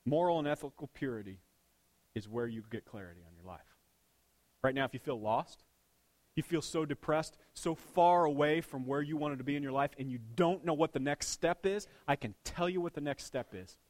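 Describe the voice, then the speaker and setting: A man preaching a sermon to his congregation, joking one moment and dropping to a near hush the next. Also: on the high side, moderate pace. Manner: swings between punchy loud lines and hushed intimate ones. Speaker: pastor.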